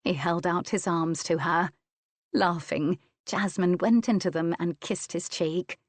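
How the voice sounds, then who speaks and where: A woman narrating an audiobook of a romance novel with a slow, sensual, deliberate reading. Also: on the low side, no echo.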